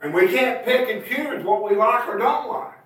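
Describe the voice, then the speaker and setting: A man's voice: extremely high pitch, normal speed, fairly bright tone. A man preaching a sermon, asking his listeners rhetorical questions and pressing his points with emphatic bursts. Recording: echoey room, mic at a distance.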